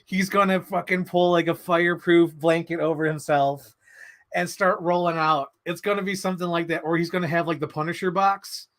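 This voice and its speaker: A man hosting a casual livestream, answering chat in an animated, excitable way with many fillers. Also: on the high side, moderate pace. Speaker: livestream host reading chat.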